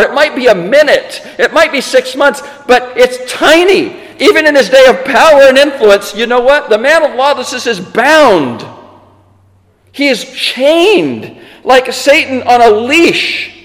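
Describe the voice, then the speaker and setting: A man preaching a sermon in an animated, emphatic way, with conversational asides to the congregation. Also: very high-pitched, measured pace. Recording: long hall reverb.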